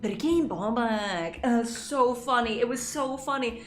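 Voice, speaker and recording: A young Scottish woman with a Scottish accent reads a story game aloud, reacting in an animated, swearing, laughing way. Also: on the high side, unhurried, reverberant, faint music behind. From Scotland. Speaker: gaming YouTuber.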